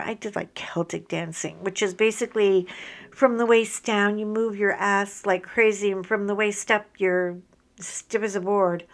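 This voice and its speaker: Chatty woman in her fifties crafting. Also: medium pitch. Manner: chatty and candid, animated retellings with rising emotion. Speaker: craft channel host. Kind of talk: casual chat while crafting.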